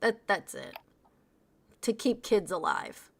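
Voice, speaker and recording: A woman's voice: medium pitch, expressive, slow, breathy edge. A woman in her forties hosting a livestream call-in debate, blunt, mocking and profane. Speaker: livestream host. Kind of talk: heated political call-in debate.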